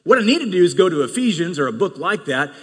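Animated, high-pitched male pastor preaching. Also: fast, breathy edge. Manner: animated preaching with bursts of shouting. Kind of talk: sermon. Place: church sanctuary. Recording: long reverb of a large hall.

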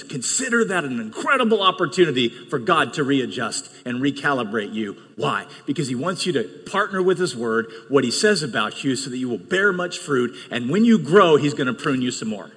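Animated, high-pitched male pastor preaching. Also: brisk, hardly any pauses, breathy edge. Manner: animated preaching with bursts of shouting. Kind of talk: sermon. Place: church sanctuary. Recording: long reverb of a large hall.

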